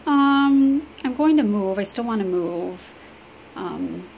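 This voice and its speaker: A woman from Illinois talks to the camera in a personal vlog, halting and rambling with many fillers. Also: on the high side, dull audio. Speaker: vlogger. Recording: steady background noise.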